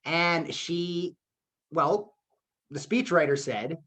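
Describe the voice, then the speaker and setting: A man's voice: high-pitched, very animated, normal speed, a bit bright. A man teaching a public speaking lesson online over a video call, keeping his delivery upbeat and acting out the voices in his examples. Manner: upbeat, acts out quoted voices.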